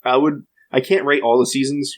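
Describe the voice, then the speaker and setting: A man's voice: medium pitch, fairly even intonation, a little fast. A man co-hosting a review podcast in casual chat, blunt and offhand. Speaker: podcast co-host.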